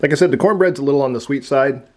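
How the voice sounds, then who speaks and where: Man, casual food taste-test, talks while chewing, mouth full, mid pitch. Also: rapid-fire, darkish tone. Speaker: food reviewer.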